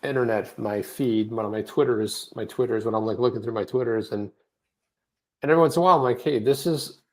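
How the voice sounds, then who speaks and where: A man's voice: on the low side, fast. Guy cohosting a live crypto chat, rambly and goofy, pokes fun at himself. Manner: rambling, jokey, self-deprecating. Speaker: co-host. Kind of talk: casual crypto livestream chat.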